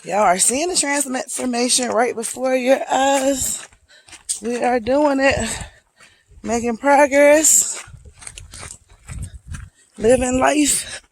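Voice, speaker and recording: A hiking vlogger, speaking slowly and reflectively, encouraging viewers while out on a wooded trail near waterfalls. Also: sits high, low-quality recording. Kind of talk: motivational outdoor vlog.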